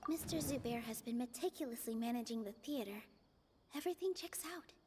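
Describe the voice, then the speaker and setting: A woman reading game dialogue aloud in an earnest, steady way. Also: on the high side, a little fast, noisy background.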